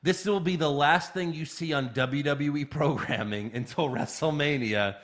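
A man co-hosting a casual wrestling recap podcast, blunt and profane, running through events with quick jokes. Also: on the high side, fairly bright tone. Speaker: podcast co-host.

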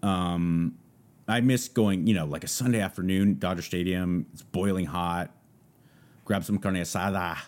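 A man with a low, steady, unhurried voice that's a touch mellow hosts a podcast from Southern California. He rambles loosely through a casual solo monologue packed with fillers.

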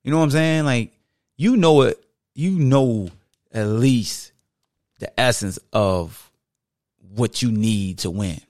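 A man's voice: mid-range voice, takes it slowly, pauses often, a little mellow, no room sound, clean studio sound. A man hosting a podcast, talking casually into a microphone and acting out what fans say to him. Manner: conversational, acts out quoted fans. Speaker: podcast host.

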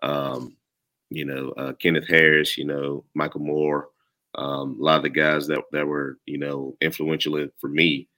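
Very deep-voiced Southern man, laid-back. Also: level tone, normal speed, bright, forceful tone. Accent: Southern US country. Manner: laid-back, rambling, many "you know" fillers. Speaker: former player, podcast guest. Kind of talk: casual chat.

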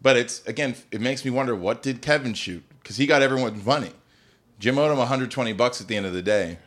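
A man in casual chat on a podcast, telling stories in a profane, animated way. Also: medium pitch, fast. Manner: profane, animated storytelling with laughter.

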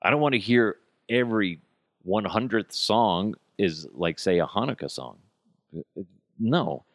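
A man hosting his own podcast, ranting in a casual, sarcastic and profane way with sudden yelled outbursts. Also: on the low side, expressive, measured pace, dry recording, clean studio sound. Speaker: podcast host. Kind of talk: casual comedic rant.

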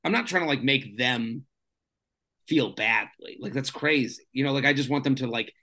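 A man's voice: mid-range voice, moderate pace. A man, a stand-up comedian guest, telling stories in a casual, rambling chat full of fillers. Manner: rambling, filler-heavy, animated storyteller.

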